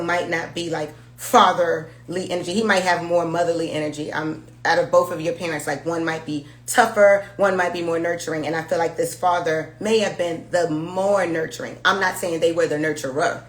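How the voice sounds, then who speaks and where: A woman's voice: on the low side, reverberant. A woman giving a casual tarot reading, talking frankly, swearing and laughing freely. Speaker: tarot reader.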